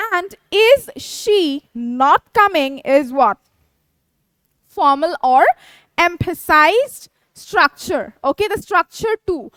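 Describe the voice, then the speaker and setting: A woman teacher explaining English grammar, reading out example sentences slowly and checking in with "yes" and "okay". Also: high voice, fairly bright tone, no room sound. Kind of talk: classroom grammar lesson.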